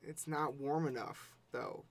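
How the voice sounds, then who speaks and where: A man's voice: medium pitch, fairly even intonation, slow. A man in casual podcast chat, joking and laughing often. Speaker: podcast co-host.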